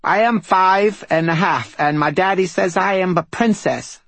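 A man voicing a prim, self-assured little girl with slow, babyish speech. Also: high-pitched, vocal fry, a bit bright, dry recording, pitched above the performer's own voice, exaggerated voice.

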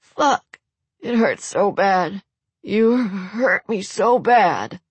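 A woman voicing a badly injured wealthy man who rasps, babbles and pleads for help. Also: mid-range voice, animated, slow pace, no room sound, voice pushed up, heavily acted. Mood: pained. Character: injured desperate rich man, rasping.

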